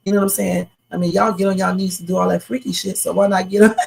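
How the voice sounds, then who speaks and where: Woman host, live reaction stream, opinionated and chatty, gravelly edge. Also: medium pitch, fairly even intonation, fast talker, poor audio. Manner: chatty, opinionated, talks to viewers as y'all. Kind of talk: casual live reaction commentary.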